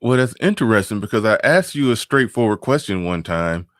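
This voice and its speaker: A man with a very low voice and speech hosts a live stream, riffing loosely. He repeats his phrases, chuckles between points and reads comments aloud. The sound is close and dry. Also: lively intonation, fairly quick, no echo. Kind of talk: casual live-stream commentary reading chat.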